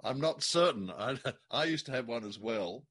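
A man co-hosting a podcast, thoughtful and wry, sometimes slowing down to make a point. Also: mid-range voice, expressive, fairly bright tone. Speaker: podcast co-host. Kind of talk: casual chat reviewing an old radio drama.

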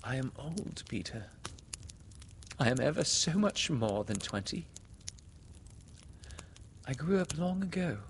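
A man reading aloud and voicing a gentle grown woman who speaks softly and falteringly. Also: on the high side, big pitch swings, measured pace, pauses often, slight background noise, pitched above the performer's own voice. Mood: sorrowful. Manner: soft and faltering.

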